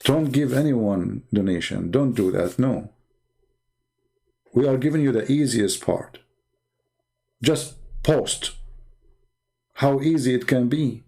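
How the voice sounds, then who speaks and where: Tired gravelly man preaching late at night. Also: mid-range voice, slow, pauses often, warm tone. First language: Arabic. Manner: emphatic, preachy, non-native grammar. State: tired, voice strained. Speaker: online debate show host. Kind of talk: late-night livestream talk.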